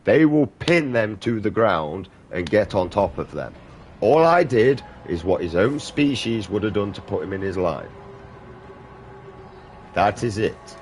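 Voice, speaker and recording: Streamer type: man with a lowish voice, blunt, swears a lot, rambles, game music underneath. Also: big pitch swings, a little slow. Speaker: gaming streamer. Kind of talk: casual chat while playing a game.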